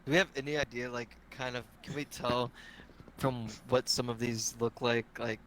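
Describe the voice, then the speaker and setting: A man's voice: medium pitch, fairly even intonation, normal speed, a bit bright, a little hiss or hum, poor audio. A man playing a tabletop game, talking in an eager, rambling way. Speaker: player. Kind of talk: casual tabletop play.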